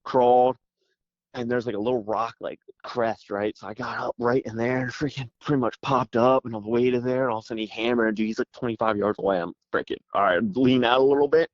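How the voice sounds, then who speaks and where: A man guest telling a story with excited energy, rambling fast and saying "dude" constantly, calling in by phone. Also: medium pitch, no echo. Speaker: podcast guest. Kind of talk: animated storytelling. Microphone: phone call. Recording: dull phone line.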